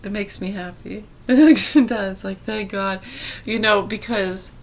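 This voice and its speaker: A woman talks straight to her audience in a casual vlog, telling a story. She is chatty and laughs often as she acts out the voices of the people in it. Her pitch sits in an ordinary middle range for a woman. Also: unhurried. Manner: chatty, laughing, animated retelling. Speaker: vlogger.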